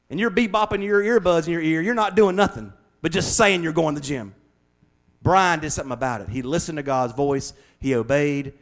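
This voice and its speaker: Guy preaching, folksy and chatty, voice sits kinda high. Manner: folksy, conversational preaching with shifting pace and volume. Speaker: pastor. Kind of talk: sermon.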